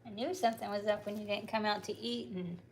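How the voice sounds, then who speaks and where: A woman's voice: mid-range voice, fairly even intonation, fast talker, a little hiss or hum. A woman hosting a casual livestream, chatting, joking and talking to her chicken at home. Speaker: livestream host.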